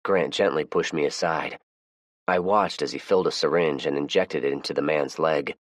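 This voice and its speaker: A man narrating a first-person audiobook in a measured, plain storytelling manner. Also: very deep voice, steady tone, no echo.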